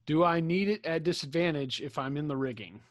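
A man's voice: a little high, a little fast, no echo. A man playing a tabletop game, describing his character's actions hesitantly with many fillers. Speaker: player. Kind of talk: casual chat.

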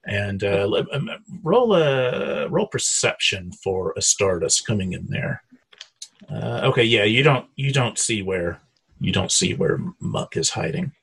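A man's voice: fairly low pitch, very animated, measured pace, gravelly, fairly bright tone, breathy edge. A man narrating as game master of a tabletop game, hesitant with many fillers and restarts.

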